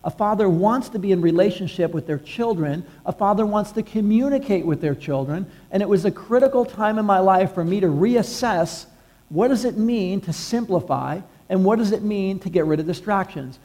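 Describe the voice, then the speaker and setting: High-voiced male pastor preaching. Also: expressive, moderate pace. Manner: conversational preaching, drops to a hush at quiet points. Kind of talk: sermon.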